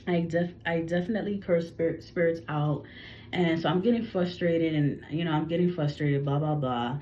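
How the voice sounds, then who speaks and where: A woman with a low voice tells a psychic channeling story to her viewers, rambling and often restarting her sentences. The recording sounds slightly dull and lo-fi, with faint background noise. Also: normal speed, warm tone. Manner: rambling, frequent restarts and self-corrections. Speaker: psychic reader. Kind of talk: casual channeling story to camera.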